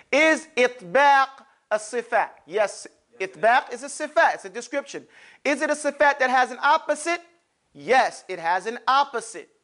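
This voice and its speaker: A man teaching Arabic pronunciation to a class, demonstrating sounds with exaggerated mouth shapes in an animated way. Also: very high voice. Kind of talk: classroom lesson. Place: classroom with students.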